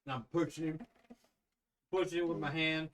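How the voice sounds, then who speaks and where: A man playing a tabletop game, describing his character's actions slowly and deliberately. His voice sits somewhat high. He is heard from a little way off the mic. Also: little pitch movement, fairly bright tone, distant mic, rough recording. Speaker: player.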